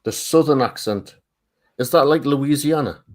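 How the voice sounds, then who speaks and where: A man's voice: mid-range voice, moderate pace. A man from Northern England with a Tyne and Wear accent, chatting on a group livestream and often repeating words as he searches for them. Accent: Northern English, Tyne and Wear. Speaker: art stream co-host. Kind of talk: casual group chat on a livestream.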